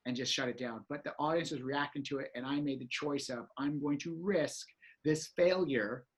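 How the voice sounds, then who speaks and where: A man telling a story in casual chat, animated and acting out reactions with exclamations. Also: fairly high pitch, normal speed.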